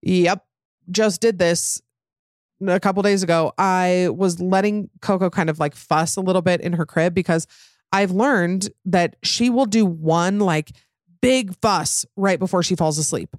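A woman's voice: lowish voice, a little slow, no echo, studio quality. A young adult woman hosting a casual, candid chat, rambling with many fillers and frank swearing.

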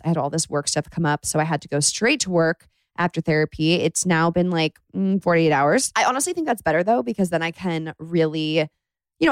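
Young woman podcaster just chatting, kinda emotional, smooth voice, dry close sound. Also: lowish voice, no room sound. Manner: chatty, confiding, says "like" often. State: emotional after crying. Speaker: podcast host. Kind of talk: casual solo podcast talk. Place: bedroom.

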